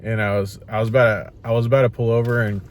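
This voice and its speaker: A young man telling stories in a casual vlog, animated and swearing freely, tired after his workday. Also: medium pitch, racing, slight background noise. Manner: animated retelling, swears freely, acts out quotes. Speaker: rideshare driver and vlogger. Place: inside a parked car.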